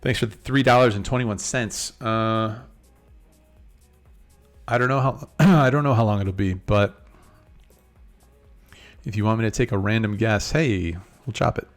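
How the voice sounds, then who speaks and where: A man's voice: lowish voice, a little slow, pauses often, faint music behind. A man hosting a casual poker live stream, chatting easily with viewers while talking through his hands. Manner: laid-back, chatty, multitasking while reading chat. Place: in Las Vegas.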